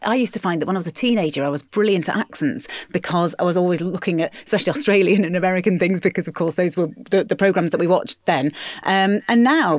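A woman's voice: fairly low pitch, dry recording. A woman voice actor interviewing a colleague, chatty and encouraging, often murmuring agreement. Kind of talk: conversational interview.

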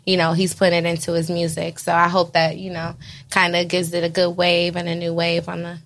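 A woman guest in a studio, talking in a steady, earnest way. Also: fairly low pitch, brisk, slight background noise. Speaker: podcast guest. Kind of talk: casual chat.

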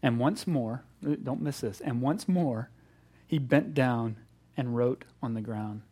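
A middle-aged man preaching a sermon, animated, acting out voices and swinging between loud emphasis and hushed moments. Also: mid-range voice, slow, slightly rough. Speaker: pastor.

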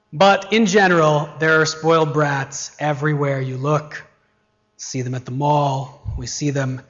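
A man's voice: on the high side, a bit bright, lo-fi sound. A middle-aged man preaching a sermon as pastor, posing rhetorical questions to the congregation with shifting emphasis.

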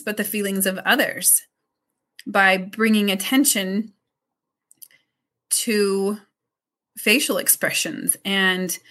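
A woman speaks slowly and gently, explaining step by step as a child mental health consultant. Her pitch sits in a middle range, and she drops softly into quiet modeled phrases. It is an unhurried interview answer.

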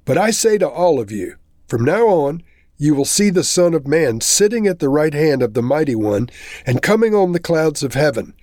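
A man's voice: fairly high pitch, darkish tone, no room sound, clean studio sound. A man reading a Bible chapter aloud and then explaining it in a plain teaching manner.

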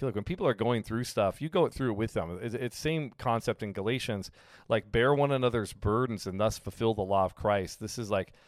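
A man preaching as a pastor in a relaxed, conversational sermon, often acting out what people say. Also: mid-range voice, dry recording, studio quality. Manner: conversational, with frequent fillers and acted-out quotes. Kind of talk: casual sermon teaching.

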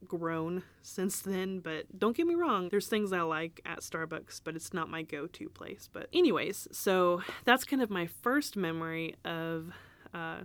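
Chatty laughing woman, low voice. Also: animated, unhurried, no room sound. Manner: chatty, laughs often, rambling asides. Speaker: podcast host and business owner. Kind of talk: casual podcast storytelling.

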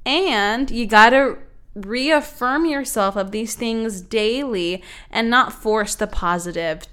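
A woman's voice: mid-range voice, a bit bright, clean tone. A young woman hosting a self-help podcast, talking earnestly and rambling with many fillers. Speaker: podcast host. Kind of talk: casual self-help talk.

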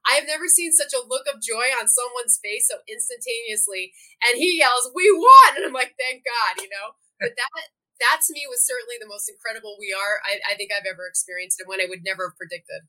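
A middle-aged woman, a program director, chatting as a podcast guest, animated and laughing often as she tells stories. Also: fairly high pitch, fast talker. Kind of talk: casual interview chat.

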